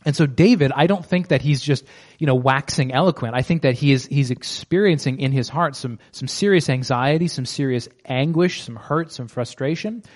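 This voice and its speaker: A man giving a conversational Bible teaching, reading scripture slowly and explaining it with casual fillers and restarts. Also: medium pitch.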